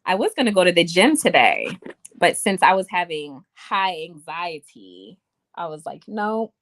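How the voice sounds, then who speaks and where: Young woman livestream host, casual chatty delivery, lively swinging pitch, low-ish voice, dry close sound. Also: measured pace, no room sound. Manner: chatty, reads viewer comments aloud. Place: home room. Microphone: webcam or phone mic.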